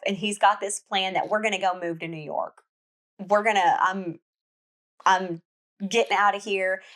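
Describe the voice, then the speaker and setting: Woman recapping a novel in casual chat. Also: medium pitch. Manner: chatty storytelling with frequent restarts. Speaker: book podcast host.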